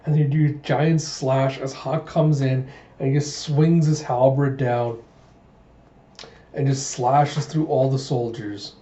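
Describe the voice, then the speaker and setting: Mellow young man narrating a manga. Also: medium pitch, steady tone, slow pace. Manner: casual, play-by-play retelling with fillers. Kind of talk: casual manga readthrough. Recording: echoey room, dull lo-fi sound.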